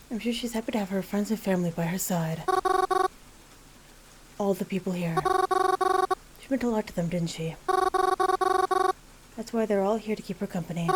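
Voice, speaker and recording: A woman voicing a calm, kind young woman who comforts a mourner in a reassuring tone. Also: medium pitch, close to an everyday voice, poor audio.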